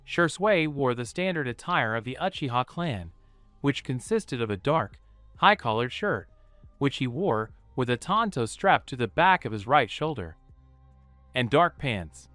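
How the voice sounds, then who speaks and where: Bright-voiced man narrating a story. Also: mid-range voice, a little slow, no echo, soft background music. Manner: steady storytelling, voicing every character. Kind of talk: fan fiction audiobook narration.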